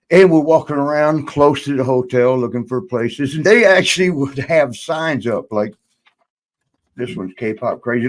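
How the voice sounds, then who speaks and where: An older man, a guest in a shoot interview, telling a rambling story and laughing now and then. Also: mid-range voice.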